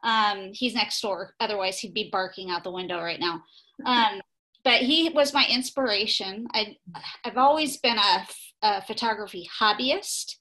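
A woman from Saint Louis chats as a podcast guest, often halting with ums. Her voice is bright and crisp, and her pitch sits in the middle. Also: low-quality recording. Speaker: guest, pet photographer. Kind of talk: casual interview.

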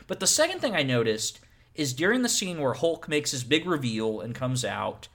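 A man co-hosting a casual film podcast, breaking down editing with playful, animated bursts. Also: mid-range voice, normal speed. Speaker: podcast co-host. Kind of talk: casual film-criticism chat.

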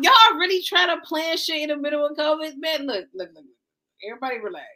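A young woman, co-hosting a casual podcast, loud and profane, ranting and joking. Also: sits high, big pitch swings, quick pace. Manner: loud, profane, laughs hard and rants. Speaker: podcast co-host. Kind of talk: casual chat.

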